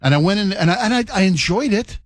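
Animated male talk radio co-host. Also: high-pitched, quick pace, no echo, clean studio sound. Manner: animated, emotional storyteller who jokes. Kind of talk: casual talk radio chat.

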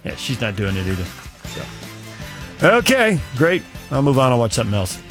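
A man's voice: medium pitch, big pitch swings, moderate pace, fairly bright tone, soft background music. A middle-aged man hosting sports talk radio, rambling through opinions and a long story. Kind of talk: casual sports talk monologue.

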